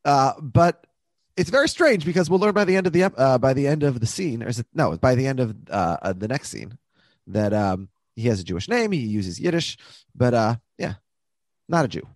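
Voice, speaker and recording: A man co-hosting a podcast, chatting casually about a TV episode with quick laughs and self-correcting asides. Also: mid-range voice, very animated, dry recording, studio quality. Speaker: podcast co-host.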